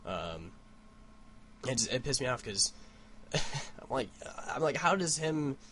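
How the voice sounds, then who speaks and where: A man's voice: medium pitch, lively intonation, slow pace, bright, forceful tone, a little hiss or hum. A young man vlogging at home, telling a rambling, profane story into his computer mic. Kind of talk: casual rant.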